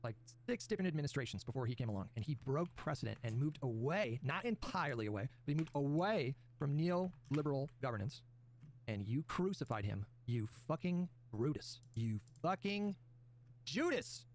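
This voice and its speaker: A man's voice: medium pitch, expressive, a little fast, darkish tone. A male commentator in a played clip, mocking his opponents with sarcastic, theatrical outbursts.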